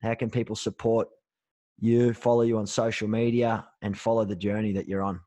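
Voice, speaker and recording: A man's voice: fairly low pitch, level tone, normal speed, mellow, dry recording. A man hosting an interview podcast, encouraging his guest and often stammering and repeating words. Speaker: podcast host. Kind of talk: interview chat.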